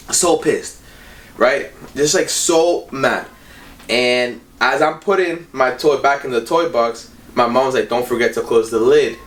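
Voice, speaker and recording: Young male vlogger, loose rambling storyteller, mid-pitched, slightly distant from the mic. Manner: rambling, filler-heavy slangy telling. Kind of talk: casual storytime monologue.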